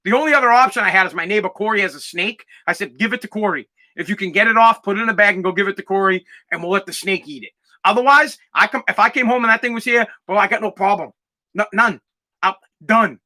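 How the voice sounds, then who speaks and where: A man's voice: high-pitched, quick pace, bright, forceful tone. A young man hosting a podcast, telling stories in a brash, profane, emphatic way. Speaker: podcast host. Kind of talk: casual storytelling chat.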